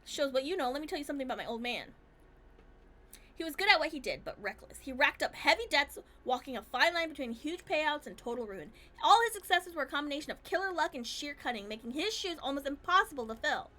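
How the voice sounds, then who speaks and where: A woman's voice: high-pitched, big pitch swings, fast talker, sharp tone, full character voice. A woman voicing an arrogant, spoiled young heir who talks down to everyone. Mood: bitter. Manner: haughty, smug, condescending.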